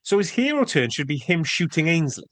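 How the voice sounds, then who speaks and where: A man with a somewhat high voice co-hosts a casual film podcast. He sounds sarcastic and incredulous and swears now and then. The recording is close and dry. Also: sing-song, a little fast, fairly bright tone, no echo. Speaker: podcast co-host. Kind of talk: casual film review chat.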